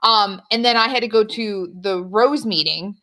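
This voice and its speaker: A woman in casual chat, telling animated stories, acting out quoted lines, swearing and laughing often. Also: medium pitch, normal speed. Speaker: podcast guest.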